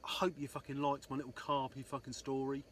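A man's voice: mid-range voice, completely flat delivery, fast, a bit bright, a little hiss or hum. A man telling a rambling fishing story, swearing constantly and saying "um, so anyway" a lot. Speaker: angler vlogger. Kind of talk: casual storytelling.

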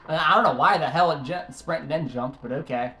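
Soft music plays behind this young man, a gaming YouTuber commentating his let's play. He speaks a little high and a little fast with a sharp tone, cursing the game each time he botches another jump.

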